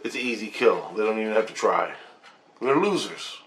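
A man's voice: fairly low pitch, lively intonation, moderate pace, a bit bright, slight background noise. Blunt, profane man telling a story. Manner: profane, blunt, with frequent restarts. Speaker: vlogger sharing spiritual experiences. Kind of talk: rambling personal storytelling.

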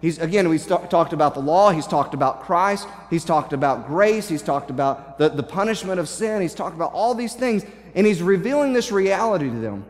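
A man's voice: a little high, animated, fairly quick, hardly any pauses. A man preaching a sermon with passion, often repeating and restarting his phrases as he paraphrases scripture in the first person. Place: church sanctuary. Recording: long hall reverb in a church.

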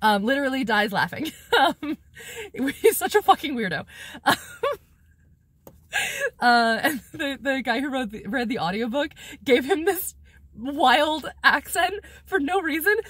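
A woman's voice: sits high, lively intonation, a little slow, a bit bright, dry recording. A woman vlogger rambling casually through a book recap, sarcastic and giggly, swearing freely as she talks to her camera. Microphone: camera mic, talking to a camera viewfinder.

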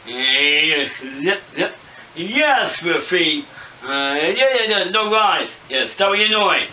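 High, slow, bright-voiced playful young man. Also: slight background noise. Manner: playful, excitable, bursts of shouting. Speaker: puppet skit creator. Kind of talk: improvised toy puppet skit. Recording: echoey room, mic far off.

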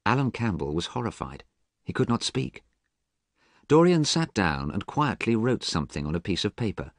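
A man reading a story aloud clearly and expressively for English learners. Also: fairly low pitch, big pitch swings, normal speed, no room sound, studio quality.

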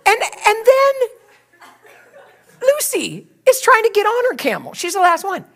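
Animated, laughing woman preacher in her sixties. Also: very high voice, measured pace, creaky. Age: 60s. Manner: animated and laughing, acting out her own story. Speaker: pastor. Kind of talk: sermon storytelling.

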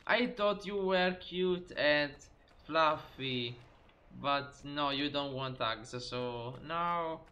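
Bright-voiced male game streamer. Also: on the high side, extremely slow, lo-fi sound, a little hiss or hum. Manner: chatty, exclaiming at the game, talking to chat. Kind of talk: live game stream commentary.

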